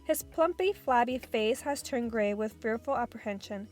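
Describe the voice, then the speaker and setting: High-voiced woman reading a children's book. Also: lively intonation, moderate pace, darkish tone, soft background music. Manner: plain reading with small slips. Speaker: narrator. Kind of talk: audiobook reading.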